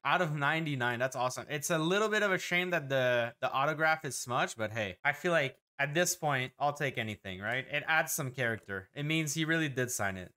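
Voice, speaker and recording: Excitable man with a bright voice. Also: a little high. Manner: excitable, reads player names in quick lists, frequent exclamations. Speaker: host opening hockey card packs. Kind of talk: casual card-opening commentary.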